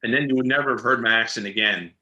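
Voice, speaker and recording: A man with a very bright, sharp voice chats as an interview guest, telling stories in an animated way and laughing between his words. His medium pitch sits in an echoey, roomy room. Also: quick pace, lo-fi sound. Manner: animated storyteller, laughs often, repeats words. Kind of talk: casual interview chat.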